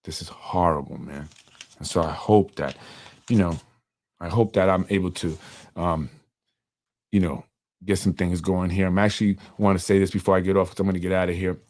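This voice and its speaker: A man's voice: deep voice, steady tone, fairly quick, pauses often, a little mellow. A middle-aged man from New York hosting a solo podcast, talking in an earnest, rambling way with many fillers and an emotional edge. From Yonkers, New York. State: emotional, voice softening. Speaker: podcast host and community organizer.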